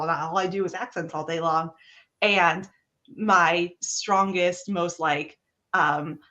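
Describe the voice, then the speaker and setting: A woman talking casually as a guest improviser, animated and acting out her own thoughts in a higher voice. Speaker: guest improviser and behavior analyst. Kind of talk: casual chat.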